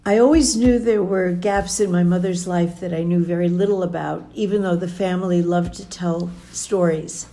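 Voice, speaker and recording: Older woman with a mellow voice. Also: lowish voice, fairly even intonation, normal speed, hardly any pauses. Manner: conversational, quotes dialogue as she tells it. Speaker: storyteller recounting a family memory. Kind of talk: personal storytelling.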